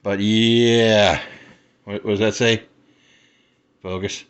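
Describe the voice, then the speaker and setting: A man casually unboxing a collectible toy in his cluttered apartment, rambling excitedly and chuckling, recorded on a handheld cellphone. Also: fairly low pitch, slow, highs cut off.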